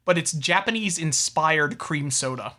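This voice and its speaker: A man's voice: on the high side, lively intonation, measured pace, sharp tone. A man co-hosting a podcast, riffing crudely and animatedly in casual chat. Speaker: podcast co-host.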